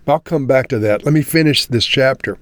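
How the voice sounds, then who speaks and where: A man's voice: medium pitch, fairly quick, no room sound. A man giving an earnest devotional Bible teaching, speaking to his listeners as friends and closing in prayer.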